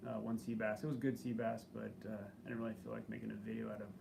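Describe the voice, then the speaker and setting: A man with a gravelly voice co-hosting a live stream, chatting in a laid-back, halting way. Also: on the low side, level tone, noisy background. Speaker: channel co-host. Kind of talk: casual live-stream chat.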